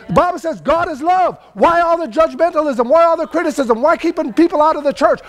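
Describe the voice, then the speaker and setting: Older california preacher guy, really high voice, chatty sermon that gets loud and shouty. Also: expressive, fairly quick, few pauses. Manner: loose, conversational preaching that swells into emphatic shouting. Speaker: pastor.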